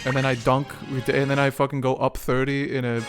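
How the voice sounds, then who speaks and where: A man's voice: mid-range voice, flat delivery, fast, faint music behind. A young man streaming a game, rambling profanely and joking with his chat. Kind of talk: casual gameplay stream chat.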